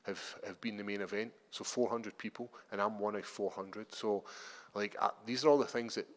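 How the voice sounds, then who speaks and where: A Scottish man with a fairly low voice, talking in a media day interview. He tells his stories in an animated, chatty way and trips over his own restarts. A long hall reverb trails behind every word. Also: normal speed. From Scotland. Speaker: MMA fighter.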